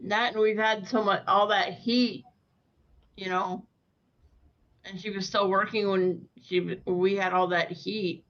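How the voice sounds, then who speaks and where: Gravelly voice, halting speech, casual chat, dull lo-fi sound. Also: medium pitch, flat delivery, a bit bright. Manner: halting, restarts sentences. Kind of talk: casual live-stream chat. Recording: dull lo-fi stream audio.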